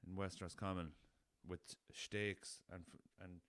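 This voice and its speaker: Young Irish male podcast host, deep voice, loose and jokey, swears a lot, dry recording. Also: level tone, unhurried, fairly bright tone, dry recording. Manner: laughing at his own jokes, swears freely, rambling. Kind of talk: casual solo podcast chat.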